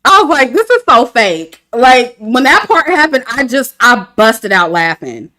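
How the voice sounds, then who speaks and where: Lively, bright-voiced woman ranting casually. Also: a little high, measured pace. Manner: candid, laughs often, talks to chat. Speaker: reality TV commentator. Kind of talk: casual review livestream.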